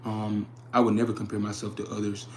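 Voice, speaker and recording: A man's voice: lowish voice, monotone, brisk, roomy sound, a little hiss or hum. A young man hosting a casual livestream, talking earnestly, repeating his phrases and reading chat comments aloud. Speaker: livestream host.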